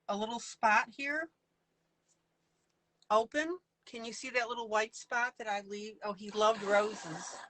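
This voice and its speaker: A woman's voice: fairly high pitch, fairly bright tone, no echo, poor audio. A woman leading a casual live coloring lesson, chatty and playful, laughing often as she works. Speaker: online coloring teacher.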